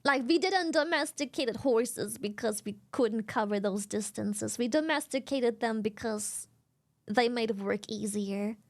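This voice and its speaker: High pitched girl streamer rambling to chat, giggly, swears a lot. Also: measured pace. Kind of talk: casual live-stream chat.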